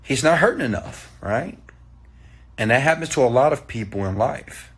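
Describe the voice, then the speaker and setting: A man giving a motivational talk, preachy and animated, often checking in with "okay?". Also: mid-range voice, normal speed, husky. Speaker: motivational speaker.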